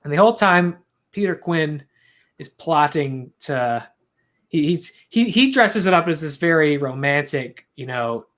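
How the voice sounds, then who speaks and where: A man with a bright, fairly high voice talks through a plot in loose, casual chat. He rambles and restarts his sentences as he goes. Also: animated, measured pace. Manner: rambling, self-interrupting, laughs at his own attempts at accents. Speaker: podcast co-host.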